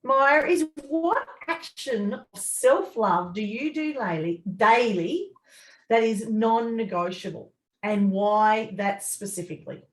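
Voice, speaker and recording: A woman's voice: a little high, expressive, slow pace, reverberant, low-quality recording. A woman host asking interview questions and reacting with gushing, effusive praise. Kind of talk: interview hosting.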